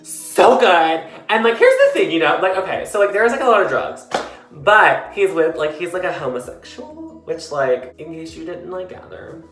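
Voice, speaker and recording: A man's voice: high voice, lively intonation, moderate pace, a bit bright. A tipsy man sitting in his bathtub, chatting casually and rambling about books with lots of fillers and giggles. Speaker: book vlogger. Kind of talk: casual rambling book talk. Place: in a bathtub, tiled bathroom. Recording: echoey bathroom with faint music.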